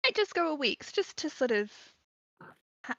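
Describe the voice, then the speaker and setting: A woman's voice: sits high, very animated, normal speed, gravelly, pushed and bright, no room sound. A woman playing a tabletop game, asking questions in a polite, rambling, courteous way. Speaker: player. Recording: dull lo-fi dry mic.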